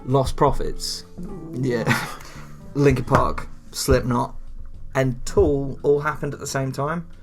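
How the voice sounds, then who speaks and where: A man's voice: medium pitch, fairly even intonation, slow pace, few pauses, faint music behind. A young man co-hosting a podcast in casual chat, rambling with lots of fillers, swearing and laughing at himself. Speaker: podcast co-host.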